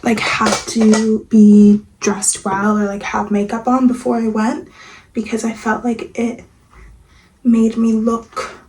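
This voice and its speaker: Fairly high-pitched and monotone, this young woman takes her time as she chats softly in a home vlog, rambling with fillers and at times near-whispering while in the kitchen and getting ready. The poor-quality audio has a little hiss or hum and audible room ambience.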